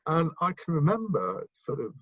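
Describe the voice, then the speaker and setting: A man talks as a guest in a casual interview, his voice a little husky. He rambles, restarting sentences and filling gaps with ums. The recording is dry and somewhat dull and lo-fi. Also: fairly high pitch, sing-song, normal speed, a bit bright, dry recording. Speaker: guest, broadcaster and author.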